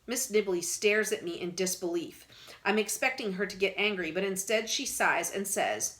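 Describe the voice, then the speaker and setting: A teacher reading a novel aloud to her students in an expressive way, pausing to explain words to them. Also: medium pitch.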